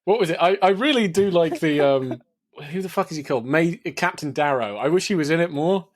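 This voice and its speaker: A man's voice: a little high, expressive, fairly quick. A man co-hosting a casual film podcast, laughing often, swearing, and acting out movie lines. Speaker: podcast co-host.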